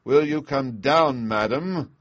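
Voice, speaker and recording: A man's voice: mid-range voice, lively intonation, moderate pace, slightly rough, dry recording. A man voicing a cruel, raging husband who bellows threats. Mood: bawling.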